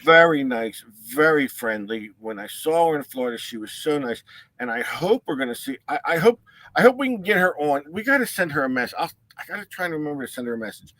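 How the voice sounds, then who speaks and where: A man's voice: fairly high pitch, a bit bright, no room sound. Teasing rambling male co-host, dry sound. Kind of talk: casual banter on a live talk show.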